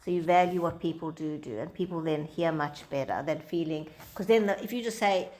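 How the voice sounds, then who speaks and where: A woman's voice: low-pitched, fairly quick, darkish tone. A woman teacher giving an informal lecture to a small group, talking conversationally and acting out quoted dialogue in different voices.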